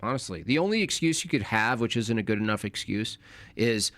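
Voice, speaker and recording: Young male streamer, mid-pitch, loose rambling chat full of restarts and slang. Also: lively intonation, fairly quick, fairly bright tone, no room sound. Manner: rambling, self-correcting, informal slang. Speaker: live streamer. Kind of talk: casual live-stream commentary.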